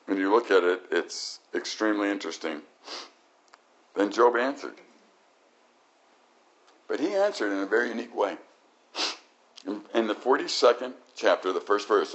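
An older man preaching a sermon, animated, swinging from loud exclamations to quiet, reflective stretches. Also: medium pitch, moderate pace, pauses often. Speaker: pastor. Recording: dull lo-fi recording.

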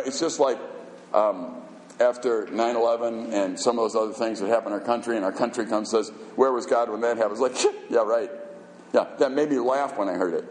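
Male pastor, conversational but emphatic sermon voice, mid-range pitch, live church reverb. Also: a little mellow. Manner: emphatic and conversational, firing rhetorical questions. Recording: echoey hall reverb.

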